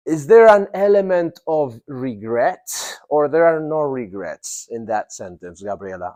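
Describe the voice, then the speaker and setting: Man, classroom grammar lesson, unhurried, quizzes the class. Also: medium pitch, darkish tone. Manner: asks the class questions, repeats key phrases slowly. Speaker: English teacher.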